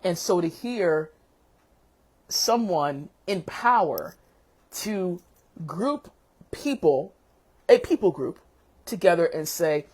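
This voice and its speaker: A woman teacher hosting a casual chat vlog, an animated storyteller who calls people baby and sweetheart. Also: on the low side, takes it slowly, pauses often, slightly rough. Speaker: teacher and show host.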